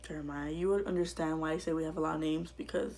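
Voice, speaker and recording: A woman vlogger telling her own life story to camera in a halting, quiet way that often drops to a whisper. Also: deep voice, steady tone, vocal fry.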